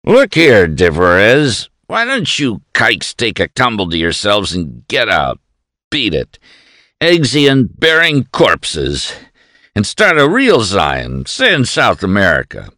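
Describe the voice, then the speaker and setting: A man voicing a drunken male official who jeers and shouts insults in a high, slow, slurring voice. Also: very animated, no room sound, studio quality, full character voice. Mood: sneering. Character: drunken bullying male official, loud and sneering.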